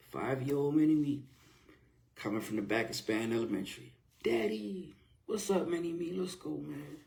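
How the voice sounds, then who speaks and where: A man's voice: medium pitch, mellow. A man passionately recounting a personal story in casual, slang-filled conversational speech. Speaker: vlogger telling his own story.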